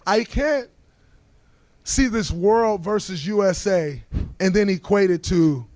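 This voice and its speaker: Man, basketball player, casual sports talk, higher voice, dry close sound. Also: takes it slowly, darkish tone, no echo.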